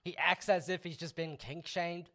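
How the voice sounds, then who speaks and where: A man's voice: a little high, fairly even intonation, moderate pace, vocal fry, pushed and bright. A man with an Australian accent, co-hosting a casual podcast chat in a dry, self-deprecating way. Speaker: podcast co-host.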